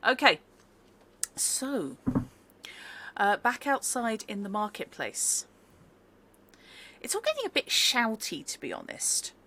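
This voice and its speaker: Bright, chatty woman game master. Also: fairly high pitch, huge pitch swings, slow pace, long pauses. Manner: chatty, many fillers, laughs often. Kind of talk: narrating a tabletop game.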